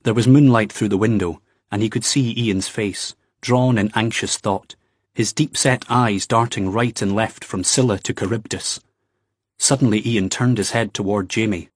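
A man narrating an audiobook in a measured, wry storytelling manner. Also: on the low side, husky, no room sound, studio quality. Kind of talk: scripted narration.

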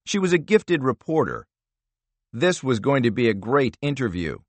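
A man narrating a thriller audiobook in a steady, measured reading style. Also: medium pitch, no room sound. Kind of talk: scripted narration.

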